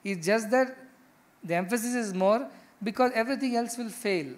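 Here a spiritual teacher, a middle-aged man with an Indian English accent, gives a discourse to ashram residents at normal speed, his voice sitting high. He stays emphatic throughout, asking rhetorical questions and repeating his central phrases.

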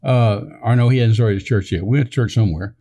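An older man with a gravelly, mellow voice tells a long personal story in a loose conversational way. He rambles, restarts his sentences and slips into the voices of people he quotes. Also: on the low side, quick pace. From Texas. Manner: rambling, many fillers and restarts, acts out quoted dialogue. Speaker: minister telling a story on a podcast.

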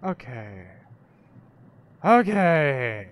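A man playing a horror game and commenting casually, joking and breaking into dramatic shouts. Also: a little high, very animated, extremely slow, crowd noise. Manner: jokey, bursts into dramatic shouts. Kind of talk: casual let's-play commentary.

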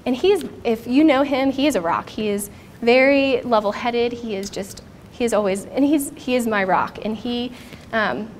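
Her voice fairly high, a woman in her thirties shares a personal testimony from a conference stage, earnest and reflective, at normal speed with few pauses. There's a touch of hiss or hum.

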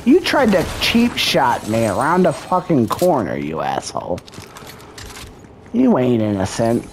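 A man venting and swearing nonstop while he plays, his voice swinging widely up and down in pitch. He talks in a slow, drawn-out way between bursts of trash talk, with a faint hiss of noise behind him. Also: wildly swooping pitch. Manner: swears constantly, frustrated and trash-talking. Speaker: gaming video creator. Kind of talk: profane gaming commentary rant.

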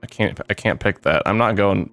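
Gravelly, low-voiced gaming man. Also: normal speed, no echo. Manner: excitable, profane reactions with sudden yelps. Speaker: gamer playing a modded game. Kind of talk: let's play commentary.

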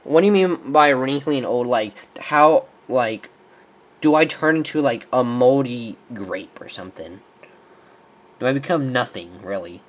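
Give me a young guy casually playing would-you-rather on camera, mid-pitched and easygoing, with a slightly muffled home recording. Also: animated, measured pace. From Texas. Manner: rambling, thinking aloud with many likes and restarts. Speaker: channel host. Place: room with a squeaky chair.

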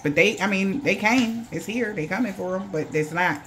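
A woman's voice: mid-range voice, normal speed, a bit bright, slight background noise. A woman giving a loose, casual tarot reading, swearing freely and acting out the voices of the people she describes. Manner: loose, profane, acts out quoted voices. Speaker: tarot reader.

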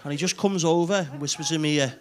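A man's voice: on the high side, quick pace. A man performing a stand-up comedy set on a club stage, telling a crude story full of swearing and ribbing the audience. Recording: loud club crowd laughing.

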